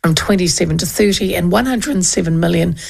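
Fairly low, brisk, and gravelly with a slightly mellow edge, this woman's voice carries a New Zealand accent. She hosts talk radio, rambling through casual chat and a news rundown with many restarts.

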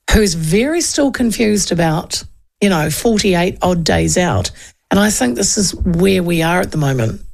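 Chatty New woman with gravelly fry. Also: mid-range voice. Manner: chatty and digressive, with asides and laughs. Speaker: radio or podcast host. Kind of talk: casual political commentary.

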